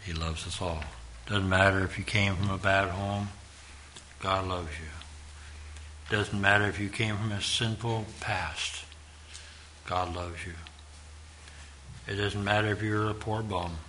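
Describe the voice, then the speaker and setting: A man preaching a sermon, slow and earnest, repeating his point and rising to sudden loud emphasis. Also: sits low, flat delivery, slight background noise.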